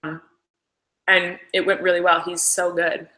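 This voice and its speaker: A woman's voice: lowish voice, flat delivery, measured pace, bright, forceful tone, poor audio. A young woman casually chatting about filming her show, rambling with lots of "like"s. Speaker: actress commenting on her show. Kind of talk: casual behind-the-scenes commentary.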